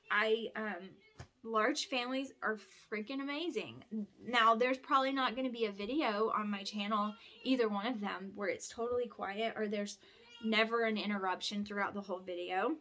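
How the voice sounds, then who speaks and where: A woman's voice: medium pitch, fairly even intonation, normal speed, sharp tone. A tired woman, chatting and rambling with lots of restarts while folding laundry at home. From Alabama. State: tired from lack of sleep. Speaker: vlogger and homeschooling mother. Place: home, indoors.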